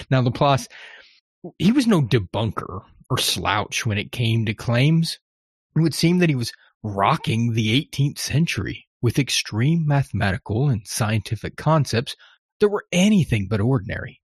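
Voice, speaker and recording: Male podcast host, wry conversational monologue, husky, dry close sound. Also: medium pitch, lively intonation, normal speed, no echo. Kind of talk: scripted monologue.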